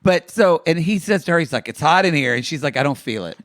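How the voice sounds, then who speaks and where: Male podcast co-host, somewhat high voice, dry close mic, campy and playful recap banter. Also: expressive, quick pace, a bit bright, no echo. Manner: playful, campy, quotes the cast in asides. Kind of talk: casual comedic recap chat.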